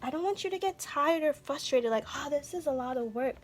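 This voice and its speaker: A woman teaching a children's art lesson, speaking gently and encouraging viewers to take their time. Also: sits high, fairly quick, hardly any pauses, soft background music. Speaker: art instructor.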